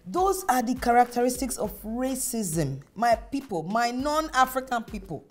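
A woman's voice: fairly high pitch, big pitch swings, normal speed, music in the background. Emphatic Nigerian woman hosting a talk show. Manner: emphatic, preachy, addresses the audience directly. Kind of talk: casual talk show conversation.

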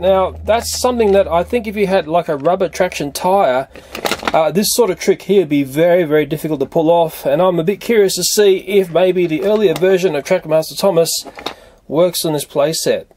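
High-voiced chatty man over whirring noise. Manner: chatty, talks to viewers and to the toy, chuckles often. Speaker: toy reviewer. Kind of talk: casual hands-on toy demonstration.

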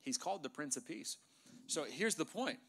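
A middle-aged male pastor preaching an emphatic sermon in a church, sometimes dropping to a hushed voice for effect. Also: fairly high pitch, lively intonation, moderate pace, breathy edge. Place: church sanctuary.

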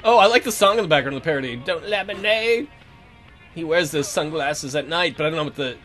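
A man's voice: fairly high pitch, big pitch swings, brisk, sharp tone, soft background music. A man hosting a let's play, giving casual, jokey commentary and reacting aloud to the game.

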